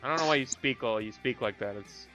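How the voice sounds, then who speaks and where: A man's voice: mid-range voice, fast, bright, forceful tone. A man in a heated online voice chat, ranting in a profane, provocative way. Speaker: voice chat participant. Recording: lo-fi voice chat with faint music.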